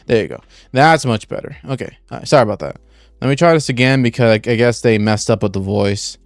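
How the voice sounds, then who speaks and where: A man's voice: medium pitch, quick pace, dry recording, clean studio sound. A young man streaming live, rambling casually with lots of "like" and restarts and talking through what he is doing step by step. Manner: rambling, full of "like" and restarts, talks through each step aloud.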